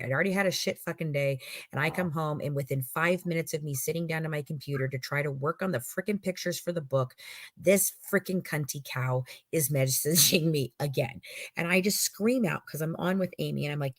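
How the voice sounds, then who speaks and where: A woman's voice: low-pitched, a little fast, no echo, studio quality. A middle-aged woman from the United States in casual chat, swearing freely and acting out the lines of people in her stories. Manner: animated, swearing, acts out quoted lines. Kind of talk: casual chat, profane storytelling.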